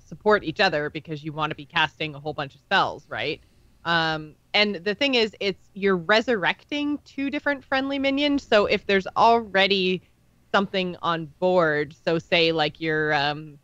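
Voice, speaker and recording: A woman co-hosting a podcast with a bright, sharp voice. She laughs easily and trails off with ums. The recording is dry and slightly muffled. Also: fairly low pitch, no echo. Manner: quick, laughing, hesitant with ums. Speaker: podcast co-host. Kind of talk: casual podcast discussion.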